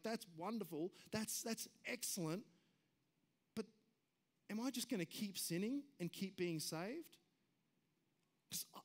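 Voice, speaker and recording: An Australian man preaching a sermon as pastor, speaking conversationally, often dropping low and quiet before building up to an emphatic point. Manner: self-correcting restarts and asides.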